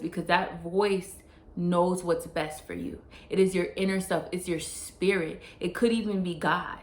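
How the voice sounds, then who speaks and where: A woman vlogger giving earnest, casual life advice straight to the viewer, often repeating and restarting her phrases and dropping in slang. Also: on the low side. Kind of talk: casual motivational talk to camera. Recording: roomy echo.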